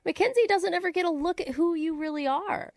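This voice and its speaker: A woman's voice: very high-pitched, brisk, no echo, studio quality. A woman co-hosting a radio show, chatty and laughing often. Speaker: radio co-host.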